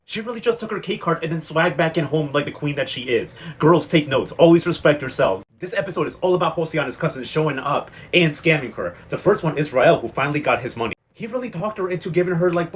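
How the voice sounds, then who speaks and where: Young guy doing a sassy soap recap, talks super fast. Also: a little high, lively intonation, slight background noise. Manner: chatty, sassy, slangy commentary. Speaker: recap vlogger. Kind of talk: casual episode recap.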